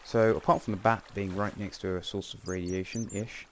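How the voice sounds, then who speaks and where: A man's voice: on the low side, fairly even intonation, moderate pace, a little hiss or hum. A man giving casual, rambling gameplay commentary with wry asides and frequent self-corrections. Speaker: game channel host.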